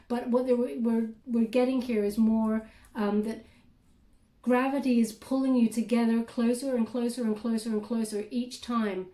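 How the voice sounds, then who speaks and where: A woman giving a casual spoken tarot reading, thinking aloud in halting bursts between cards. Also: on the high side, mellow. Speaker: tarot reader. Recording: roomy echo.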